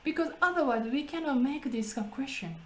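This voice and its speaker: A woman's voice: high voice, lively intonation, brisk, crowd noise, rough recording. A woman with a Japanese accent explaining grammar in English, going step by step and asking rhetorical questions. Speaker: English practice host. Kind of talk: casual teaching chat.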